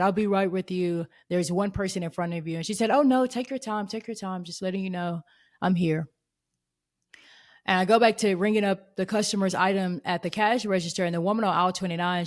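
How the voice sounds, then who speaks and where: A woman in her thirties tells a personal faith story on her podcast. Her voice sits a little low, and she speaks earnestly and expressively, slipping into the voices of the people in her story. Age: 30s. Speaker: podcast host.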